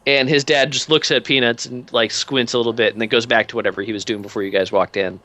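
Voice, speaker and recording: A man narrating a tabletop role-playing game as game master, casual and halting with many fillers. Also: medium pitch, steady tone, bright, forceful tone.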